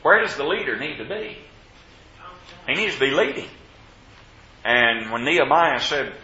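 A man leads a Bible class, reading scripture and quizzing his students in a bright, forceful voice. The recording is roomy and a little dull and lo-fi, as if taped in a church classroom. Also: mid-range voice, lively intonation, measured pace, pauses often, slight background noise.

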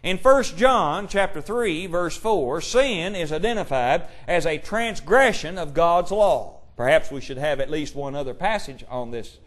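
Male preacher, fairly high voice, emphatic sermon delivery, pressing rhetorical questions. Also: expressive, a little slow, few pauses. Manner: quotes scripture in old-fashioned wording.

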